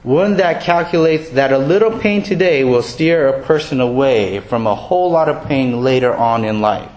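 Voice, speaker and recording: Man, pastor, sermon, conversational, mid-pitched voice, self-deprecating humor. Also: animated, normal speed, a little mellow.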